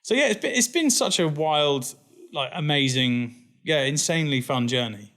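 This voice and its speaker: A fairly high-voiced man in his thirties tells his story as an interview guest. He talks in a loose, laughing way and puts on quick voices for the people he quotes. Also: lively intonation, fairly bright tone. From England. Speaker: guest, company founder.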